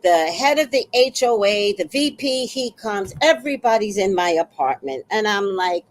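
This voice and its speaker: A woman's voice: mid-range voice, moderate pace, few pauses, poor audio. A woman telling a personal story in a casual monologue, acting out the exchanges she describes. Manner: animated, acts out quoted exchanges.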